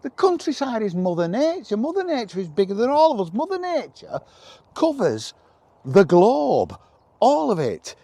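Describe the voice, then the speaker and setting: High, lively man ranting to camera. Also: normal speed, no room sound. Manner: animated, emphatic, repeats himself, addresses the viewer directly. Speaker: vlogger. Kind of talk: impassioned opinion monologue.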